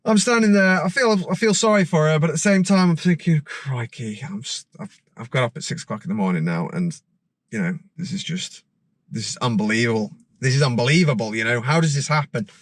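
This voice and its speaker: A man, a driving instructor, telling a story in a rambling, animated way with many restarts. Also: mid-range voice, fairly quick, no room sound. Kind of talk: casual storytelling vlog. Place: outdoors by a parked car.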